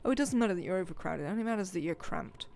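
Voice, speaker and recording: A woman's voice: on the low side, animated, rapid-fire, vocal fry, darkish tone. A woman, chatting and rambling to herself as she plays a game on a live stream. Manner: chatty, rambling self-talk while playing.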